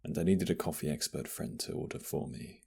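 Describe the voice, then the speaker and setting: A man playing a husky, gravelly flirty barista in whispered role-play. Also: rumbling low, brisk, exaggerated voice. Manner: flirty, teasing, soft-spoken. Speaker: ASMR roleplay voice actor.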